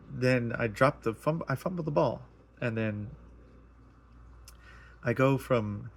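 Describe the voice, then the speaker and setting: Man, spoken testimony, rambling, earnest, repeats himself, mid-pitched voice. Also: a bit bright. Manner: earnest and emotional. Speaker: speaker sharing a personal testimony. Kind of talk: casual spoken personal testimony.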